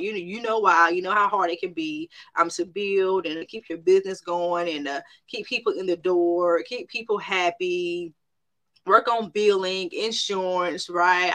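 Bright-voiced woman sharing a faith testimony. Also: lowish voice. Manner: emphatic, repeats phrases, often addresses listeners directly. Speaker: private practice owner.

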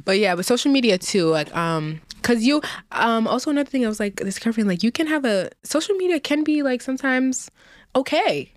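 Woman with a very lively voice, casual chat. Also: fairly high pitch, brisk, no room sound, clean studio sound. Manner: animated, lots of slang and reactions. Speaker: podcast co-host.

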